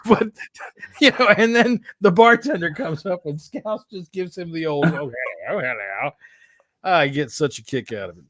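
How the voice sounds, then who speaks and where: A man's voice: sits high, lively intonation, moderate pace, fairly bright tone. A middle-aged man hosting a podcast in casual chat, laughing often and swearing as he banters. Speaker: podcast host.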